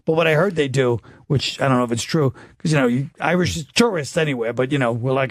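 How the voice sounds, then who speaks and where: Rambling American comedian, dry close mic. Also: male voice, mid-range voice, fast, no echo. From United States. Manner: rambling storytelling with laughs and restarts. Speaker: comedian guest. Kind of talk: casual comedy podcast chat.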